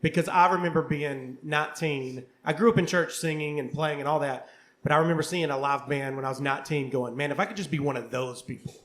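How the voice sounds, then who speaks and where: A man's voice: a little high, fairly even intonation, fast talker, fairly bright tone. A middle-aged man, a history teacher and musician, talking candidly and casually on a panel with many fillers. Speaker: co-host, history teacher and bassist. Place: coffeehouse before a live audience.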